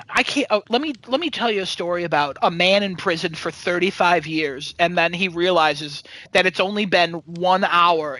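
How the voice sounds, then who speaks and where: A man's voice: high-pitched, pushed and bright, dry recording, rough recording. A man hosting a casual chat show, recapping a movie in a rambling, sarcastic way with lots of fillers and swearing. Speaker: podcast host.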